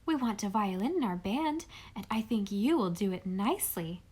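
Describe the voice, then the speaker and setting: A woman voicing a gentle, motherly schoolmistress who speaks softly and tenderly. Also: mid-range voice, animated, normal speed, breathy edge. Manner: soft, tender, often near a whisper.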